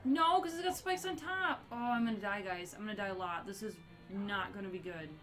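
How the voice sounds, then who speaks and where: A woman giving excitable live commentary as she streams a video game, gasping and yelping at what happens on screen. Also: medium pitch, fairly quick, faint music behind.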